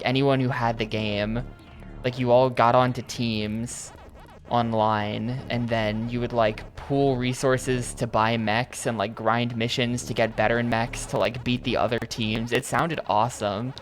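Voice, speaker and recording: A man chatting casually over his gameplay stream, circling back and hedging with "like" and "I think" as he goes. His voice sits at a medium pitch, with soft game music running in the background. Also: level tone, a little slow. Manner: rambling, hedging with lots of "like".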